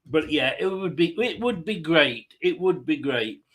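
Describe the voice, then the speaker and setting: A man's voice: fairly high pitch, expressive, unhurried, fairly bright tone. A man hosting a fan live stream, chatting casually and rambling with jokey asides. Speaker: fan channel host.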